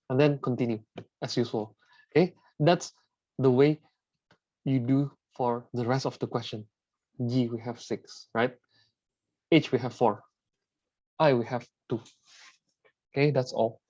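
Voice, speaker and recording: A man's voice: medium pitch, measured pace, long pauses, a little mellow, dry recording, muffled recording. A man teaching a math lesson, working through the examples step by step, often repeating words and asking "right?" after each step.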